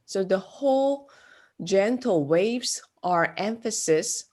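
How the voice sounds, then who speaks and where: A woman giving a classroom art lecture, speaking haltingly with many fillers. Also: mid-range voice, animated, darkish tone. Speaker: art instructor.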